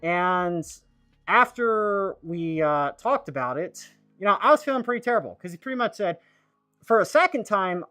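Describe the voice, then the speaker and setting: A man streaming a casual monologue, rambling and halting, full of fillers and restarts. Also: high voice, expressive, sharp tone, dry recording, faint music behind.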